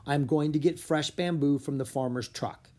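A reader voicing a calm, patient male panda keeper who explains things politely. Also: mid-range voice, normal speed, natural voice. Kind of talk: storybook read-aloud.

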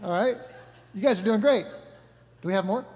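A man giving a sermon as pastor, relaxed and joking, often correcting himself mid-sentence. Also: high-pitched, fairly quick, a little hiss or hum. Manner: casual, joking, self-correcting. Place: church hall. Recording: long reverb of a large hall.

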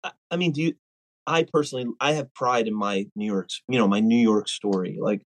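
A man in casual conversation, telling stories in an animated way, with lots of fillers and restarts. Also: fairly low pitch, fairly quick, no room sound, poor audio. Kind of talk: casual chat.

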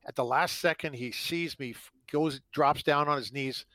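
Middle-aged man from Canada, ex-athlete guest, rambling storyteller; bright, tense tone, dry close sound. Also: on the high side, normal speed, no echo, poor audio. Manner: rambling anecdotes full of fillers, acting out quotes. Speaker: guest, former hockey player. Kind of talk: storytelling in an interview.

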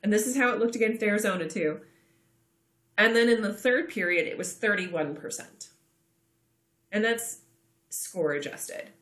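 A woman co-hosting a podcast in casual sports chat, chatty and quick to laugh. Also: mid-range voice, animated, a bit bright. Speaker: podcast co-host. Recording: roomy echo.

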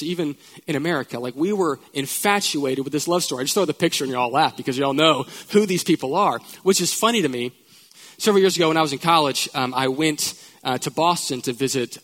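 Guy pastor giving a sermon in church, kinda high voice, chatty and animated, goes soft and slow for the serious bits. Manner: conversational, animated preaching with playful asides.

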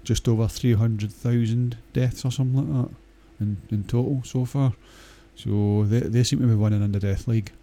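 A man's voice: mid-range voice, fairly even intonation, normal speed, few pauses, mellow. A Scottish man talking in a casual, rambling monologue, blunt and crude, swearing often and hesitating with many fillers.

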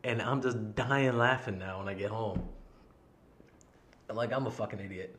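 A man's voice: lowish voice, normal speed. A man hosting his own podcast, telling a story in a casual, heated monologue full of swearing. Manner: reenacts his own yelling in the quotes. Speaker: podcast host.

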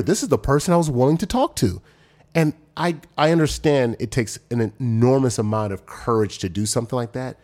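A man in his forties, a former pro football player, telling stories as a podcast guest and acting out what people said. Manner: animated, acts out quoted voices with big pitch jumps. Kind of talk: casual storytelling chat.

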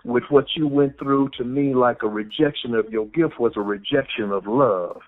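A man's voice: mid-range voice, normal speed, narrow, tinny audio. A man hosting a podcast who tells a childhood story in a reflective way and affirms his guest often. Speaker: podcast host. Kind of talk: conversational interview.

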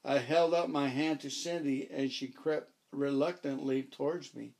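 A man narrating a first-person story as an audiobook, wry and measured, voicing his own dialogue. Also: medium pitch, steady tone, creaky, darkish tone.

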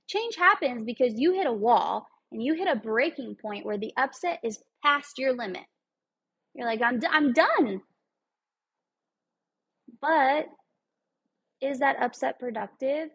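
A woman's voice: high voice, slightly rough, low-quality recording. A woman speaking in an earnest, emphatic way, giving a casual motivational talk with some rambling asides.

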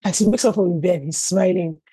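A woman's voice: lowish voice, fast, dark tone, slightly rough, no echo, low-quality recording. A woman pastor preaching conversationally and telling stories, with frequent "you know" asides.

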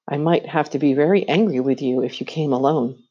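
A woman's voice: low-pitched, a little fast, dark tone, slightly rough, lo-fi sound. A woman voicing a cold, scheming queen who coaxes a boy with sweet, commanding persuasion, in a storybook reading. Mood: coaxing.

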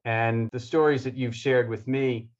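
A man hosting a conversation, giving earnest, halting closing thanks and often repeating words. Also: medium pitch, steady tone. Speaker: host. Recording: dull, lo-fi.

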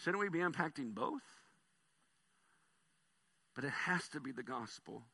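A male pastor delivering a sermon in a high, very bright voice. He tells stories with lively energy, dropping soft and then rising loud. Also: a little slow, vocal fry, breathy edge. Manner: animated storytelling, swings between soft and loud.

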